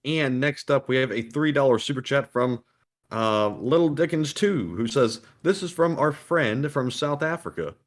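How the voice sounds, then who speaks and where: A man co-hosting a live stream, reading out viewer donations and questions in a plain, steady way. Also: medium pitch, normal speed. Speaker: co-host reading super chats.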